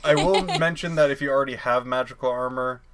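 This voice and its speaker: A man's voice: medium pitch, a little fast, noisy background. A man playing a tabletop game, playful and laughing often. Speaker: player. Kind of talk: casual tabletop game play.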